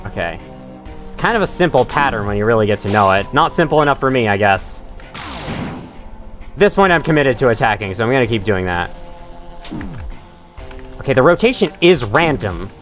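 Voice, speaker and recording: Guy live streaming a game from his bedroom, reads chat out loud, curses when he's losing, some music behind. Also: medium pitch, very animated, normal speed, long pauses. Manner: chatty, reads chat aloud, swears when frustrated. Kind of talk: live gameplay commentary. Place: his room at home.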